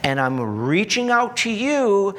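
Earnest preacher man, slow delivery. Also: sits high, sing-song, long reverb tail. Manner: earnest, repetitive preaching with emphatic builds and soft drops. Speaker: pastor. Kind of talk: sermon.

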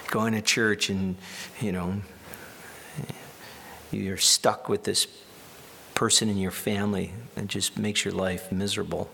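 A man's voice: fairly low pitch, flat delivery, unhurried, vocal fry, pauses often, sharp tone, slight background noise. A man preaching a sermon in a conversational way, with wry asides and restarts. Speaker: pastor.

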